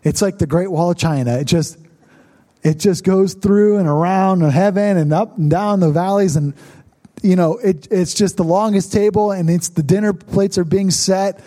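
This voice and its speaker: A man's voice: sits high, moderate pace, dark tone. A young adult male pastor telling a personal story in a conversational sermon, talking to the congregation.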